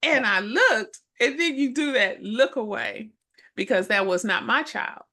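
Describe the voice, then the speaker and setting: A middle-aged woman co-hosting a chat show as a minister, telling stories in a lively way and acting out the people in them. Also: fairly high pitch, moderate pace. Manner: animated storyteller who acts out voices. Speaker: co-host and minister. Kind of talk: casual storytelling chat.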